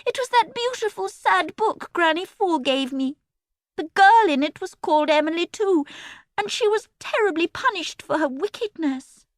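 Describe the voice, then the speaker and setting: A woman reading a storybook, voicing a bossy young girl turned pious, in a sweet, cooing, high-pitched voice. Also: lively intonation, normal speed, no echo, studio quality.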